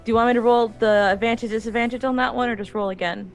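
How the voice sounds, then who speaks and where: A woman's voice: a little high, steady tone, fast talker, faint music behind. A woman playing a tabletop game, talking casually and hesitantly with lots of filler words. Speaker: player.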